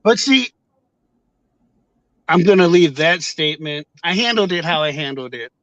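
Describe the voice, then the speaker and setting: A man's voice: on the high side, expressive, moderate pace, no echo. Heated, profane man on a dull mic. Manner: heated, profane, reenacts shouted exchanges. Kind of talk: casual storytelling to viewers. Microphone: camera mic.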